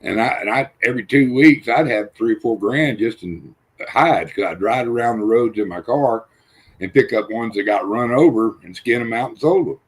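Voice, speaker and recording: An older man on a livestream panel, telling rough, profane stories and acting out the voices in them. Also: mid-range voice, normal speed. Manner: rough-spoken, swears freely, acts out quotes. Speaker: panel guest. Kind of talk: casual storytelling on a livestream panel.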